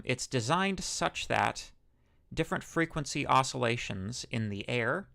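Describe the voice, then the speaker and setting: A man's voice: medium pitch, pushed and bright. A man lecturing a university class, conversational and loose, with fillers, self-corrections and the odd joke. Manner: jokes about his own smooth radio-like tone. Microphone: microphone.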